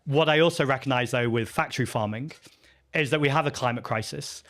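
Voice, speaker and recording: A man's voice: medium pitch, fairly quick, a bit bright. A man, a party leader, answering audience questions at a live festival Q&A in an earnest, chatty, self-deprecating way, with frequent ums and restarts.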